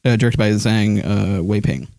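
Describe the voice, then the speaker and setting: A man's voice: on the low side, moderate pace, creaky, darkish tone, dry recording. A man streaming live, chatting casually about movies and answering chat with lots of ums and uhs. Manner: rambling, many fillers, reads chat aloud.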